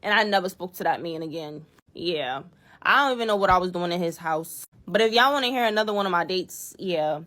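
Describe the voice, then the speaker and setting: A woman's voice: fairly low pitch, expressive, brisk, fairly bright tone. A woman casually telling a dating story to her viewers, blunt and slangy, with exasperated asides.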